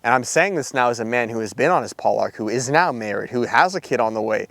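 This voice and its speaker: A man who coaches Christian men, giving a casual, preachy talk to camera. He is animated and full of fillers and rhetorical asides. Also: medium pitch, fast, creaky, dry recording.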